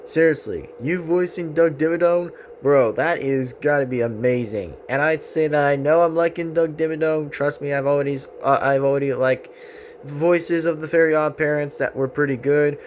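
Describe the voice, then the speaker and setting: A man's voice: fairly high pitch, normal speed, slight background noise. A young man giving a rambling, earnest tribute monologue on his channel, repeating himself often. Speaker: vlogger.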